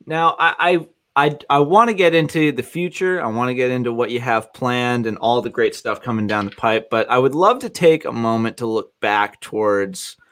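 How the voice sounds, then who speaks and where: A man's voice: medium pitch, normal speed, a bit bright. Jokey, rambling male podcast host. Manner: rambling, jokey, many restarts. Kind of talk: casual podcast chat.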